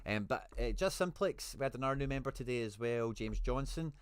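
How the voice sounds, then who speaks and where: Guy on a live stream chatting to viewers, mid-low voice, dry close sound, reads out chat as he goes. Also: fairly even intonation, fast talker, clean tone, dry recording. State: a bit out of breath. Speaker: streamer hosting a fantasy football live stream.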